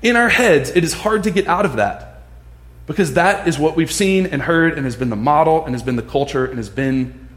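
A man preaches in a casual, conversational way, his slightly high voice jumping into acted-out voices. The sound carries a roomy echo. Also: moderate pace. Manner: animated, acts out voices of others. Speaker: pastor. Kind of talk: casual sermon. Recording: echoey room.

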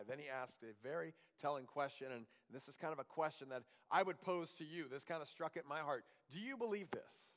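A male pastor preaching a sermon earnestly, pressing rhetorical questions and dropping to a hushed reading voice. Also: fairly high pitch, brisk, hardly any pauses. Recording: long hall reverb.

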